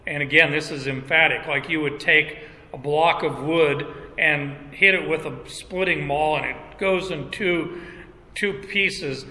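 The sermon comes from a middle-aged male pastor with a slightly high, very bright voice that echoes through a long hall reverb. He takes his time, stumbling into restarts and letting out chuckles, in a space that suggests a church sanctuary.

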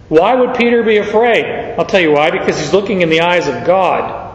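An older man preaching an expository sermon, reading scripture aloud and acting out the quoted lines with slow emphasis. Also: high voice, lively intonation. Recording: roomy, long reverb, dull sound.

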